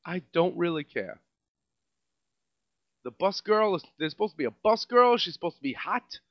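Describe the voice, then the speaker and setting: A man's voice: high-pitched, animated, fast talker, dry recording, highs cut off. Sarcastic New York man ranting. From Staten Island, New York. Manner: sarcastic, mocking, swings between loud and muttered. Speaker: podcast host. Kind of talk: comedic rant monologue.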